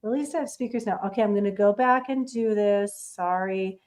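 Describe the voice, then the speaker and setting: A woman co-hosting a casual live stream over her laptop mic, apologetic and quick to laugh. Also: medium pitch, a little mellow. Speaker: co-host.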